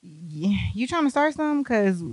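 Animated woman telling a wild story. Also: medium pitch, moderate pace, over loud music. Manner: animated, profane, acts out other people's lines. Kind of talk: casual storytelling.

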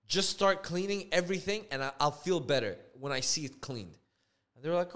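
A young man telling a story on a podcast, swearing freely and jumping between the voices of the people he quotes. His pitch swings widely, and he sits a touch higher than most men. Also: fairly quick. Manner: animated, profane, acts out quoted dialogue. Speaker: podcast co-host. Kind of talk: casual storytelling.

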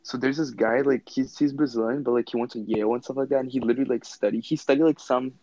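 A man's voice: mid-range voice, fairly even intonation, fast, dark tone, dry recording, dull audio. A young man chatting casually with friends, rambling and slangy with lots of fillers. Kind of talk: casual chat among friends on a call.

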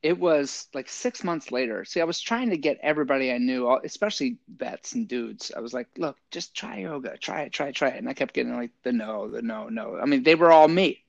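A man's voice: medium pitch, fairly quick, vocal fry, few pauses, no echo, highs cut off. A middle-aged man, an army veteran and yoga teacher, casually telling stories in an interview and acting out what people said. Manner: animated storyteller, acts out quotes with lots of "like".

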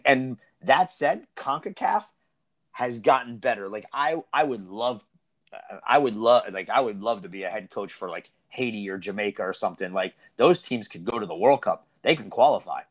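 A man hosting a casual podcast discussion about youth soccer, talking in an animated, rambling way with many restarts. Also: on the low side, normal speed. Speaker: soccer coach and podcast host.

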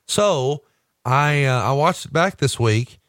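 A man's voice: mid-range voice, slow pace, dry recording. A man in a casual podcast chat, blunt and cursing freely as he banters. His voice sits in a middle range, and the sound is dry and close. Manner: blunt, profane, animated banter. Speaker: podcast co-host.

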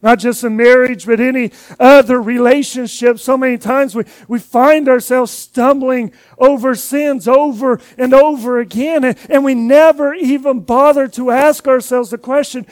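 Brief: male pastor with a very high voice, earnest conversational sermon, dry close sound. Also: steady tone, moderate pace, few pauses, no room sound. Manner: earnest, conversational preaching with repeated words.

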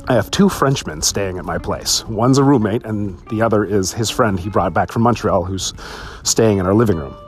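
A man telling stories on his solo podcast, swearing freely, laughing often and jumping to a high voice when excited. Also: normal speed, soft background music. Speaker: podcast host. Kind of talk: casual solo podcast storytelling.

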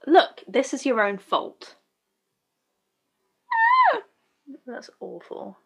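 A woman's voice: fairly high pitch, big pitch swings, extremely slow, vocal fry, long pauses, slightly rough. A woman giving casual reaction commentary on a show, blunt and sarcastic, swearing freely. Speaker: show reviewer.

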